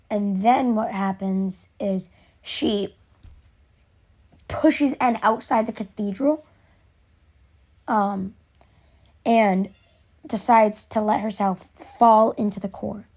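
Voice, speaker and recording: A woman excitedly recapping an episode in a casual, rambling way, with many fillers and restarts. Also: medium pitch, drawn-out words, long pauses.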